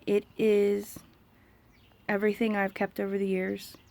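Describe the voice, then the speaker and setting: A woman's voice: medium pitch, monotone, measured pace, creaky, darkish tone. A young woman, talking frankly and with exasperation to camera as a parent in a casual vlog. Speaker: vlogger, autism parent.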